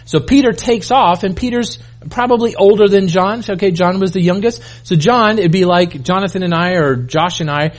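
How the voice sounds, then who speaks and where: Man, middle-aged, high voice, pastor, conversational sermon, restarts, acts out quotes. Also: normal speed.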